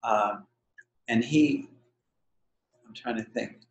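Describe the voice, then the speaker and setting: An older man recalls old times in a meandering, self-deprecating way, with plenty of pauses. His voice sits at an everyday pitch. The room gives it a noticeable echo. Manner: rambling, self-deprecating storyteller. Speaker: retiring co-founder being interviewed. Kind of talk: anecdotal storytelling in conversation. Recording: roomy echo.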